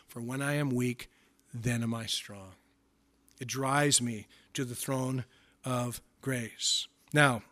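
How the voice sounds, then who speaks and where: Man, preacher, bright sharp voice, slightly high, animated sermon delivery. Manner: animated preaching, acts out voices, swings from hushed to loud. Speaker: pastor.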